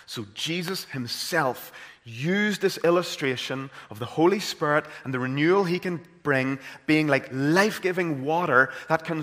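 A man's voice: on the high side, a bit bright, long reverb tail. A man with a Northern Irish accent preaching a sermon, earnest and building to impassioned emphasis. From Northern Ireland.

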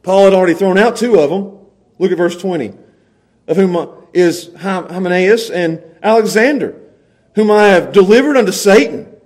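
A man preaching to his congregation in a noticeably high voice. He is emphatic and stumbles over repeated words as he urges his listeners. His quoted voices climb even higher. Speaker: pastor. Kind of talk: sermon.

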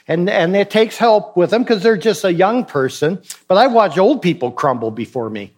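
Man preaching, slightly high voice, emphatic, pressing questions. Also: animated, unhurried, a little mellow. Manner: questioning, emphatic, acts out dialogues. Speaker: pastor. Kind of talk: sermon.

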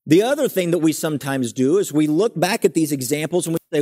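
A young adult man preaching a sermon, earnest and emphatic, building up his lines and then dropping to a quiet, settled tone. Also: a little high, lively intonation, fast talker, hardly any pauses.

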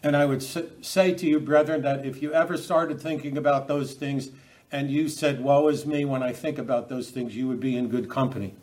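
Male preacher, higher than average pitch, halting delivery with frequent restarts, scripture-heavy sermon. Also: steady tone, darkish tone. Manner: halting, repeats words, quotes scripture with rising emphasis.

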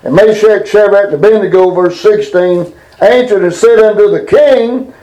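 A man preaches from the Bible in a plain, folksy way. His voice sits high, and he stumbles through fillers and restarts. When he reads scripture, his pace slows and grows deliberate. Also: warm tone, poor audio. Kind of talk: homespun Bible teaching.

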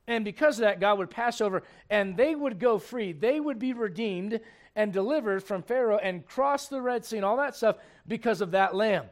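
A man preaching a sermon, chatty and repetitive with asides to the listeners, swinging from hushed tender passages to loud shouting bursts. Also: sits high, animated, moderate pace. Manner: repeats words, folksy asides to the congregation.

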